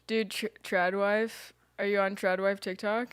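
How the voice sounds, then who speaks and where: A woman co-hosting an improv comedy stream, chatting in a giggly, animated, jokey way. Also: medium pitch, unhurried, clean tone. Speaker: improv performer and co-host. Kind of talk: casual live-stream chat.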